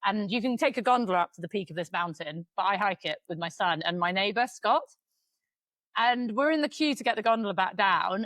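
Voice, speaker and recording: A woman's voice: medium pitch, a bit bright, no echo. Chatty woman podcast host. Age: 40s. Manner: chatty storyteller, swears freely. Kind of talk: casual chat.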